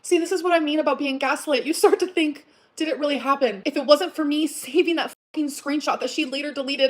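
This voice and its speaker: A woman's voice: sits high, fast talker. A woman talking straight to her viewers in an agitated, rambling way, swearing often and breaking into nervous laughter. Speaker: livestreamer responding to claims. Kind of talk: emotional unscripted ranting to viewers.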